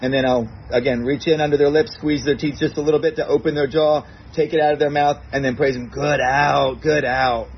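A fairly high-voiced man walks through a dog training routine step by step, calm and patient. He acts out his commands in a bright, praising tone. The recording is a little dull, with a faint hiss behind him. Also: fast, few pauses. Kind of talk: recorded instructional segment.

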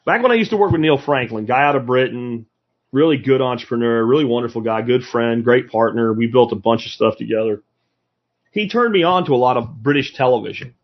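A husky, slightly breathy American man talks to a live audience in a loose, opinionated way, leaning on emphasis and rhetorical questions. The recording sounds dull and lo-fi. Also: mid-range voice, animated, a little fast. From United States. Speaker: speaker addressing a live audience. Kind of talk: casual opinionated lecture.

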